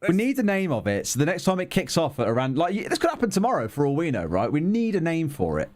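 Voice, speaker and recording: A man's voice: fairly high pitch, huge pitch swings, quick pace, a little mellow. A man casting esports, chatting and teasing his co-hosts during a break. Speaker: esports caster. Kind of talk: casual banter between matches.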